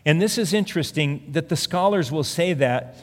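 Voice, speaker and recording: Male pastor, earnest conversational preacher, slightly higher voice, long hall reverb. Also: lively intonation, moderate pace. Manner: earnest, conversational preaching with fillers, reading scripture aloud. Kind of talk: sermon.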